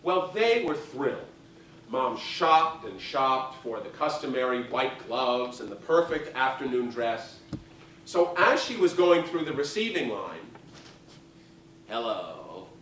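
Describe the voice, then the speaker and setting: A man spins gossipy stories onstage in a lively, sing-song delivery full of theatrical flair. He is heard from a distance in an echoey theater, with a faint hiss underneath. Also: medium pitch, measured pace. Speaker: solo stage performer. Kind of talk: live stage storytelling. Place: theater stage, live audience.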